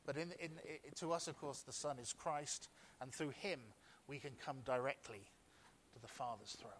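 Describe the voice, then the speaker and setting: A man's voice: mid-range voice, moderate pace, fairly bright tone, slight background noise. A male pastor delivering a sermon in church, telling a story with frequent restarts before reading scripture.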